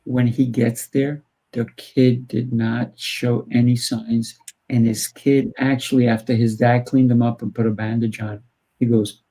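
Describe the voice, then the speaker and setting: In a casual interview he hosts, a martial arts instructor speaks in a mellow mid-range voice at a measured pace, with little pitch movement. His delivery is firm and coaching, and he acts out small back-and-forths with kids, all captured on poor audio.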